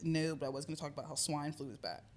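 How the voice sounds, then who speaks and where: A woman in her twenties co-hosting a podcast in casual chat, expressive and quick to tease. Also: low voice. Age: 20s. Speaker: podcast co-host.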